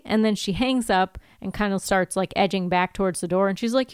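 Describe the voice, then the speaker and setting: Woman recapping a show, smooth clear voice. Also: mid-range voice, fairly quick, few pauses, no room sound, clean studio sound. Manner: lively storyteller who acts out characters' lines. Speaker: podcast co-host. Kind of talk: casual chat, recapping an episode.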